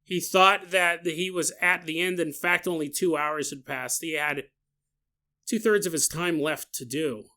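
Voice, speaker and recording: A man hosting a podcast, retelling a story in a casual, animated way with joking asides. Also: fairly high pitch, a little slow. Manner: animated, jokey, laughs at own asides. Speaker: podcast host.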